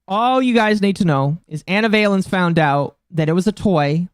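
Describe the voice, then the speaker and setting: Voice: mid-range voice, expressive, moderate pace, clean tone, no echo, studio quality. A streamer in their mid-twenties giving casual live-stream commentary, talking bluntly and profanely with a mocking tone that climbs into indignant outbursts. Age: mid-20s.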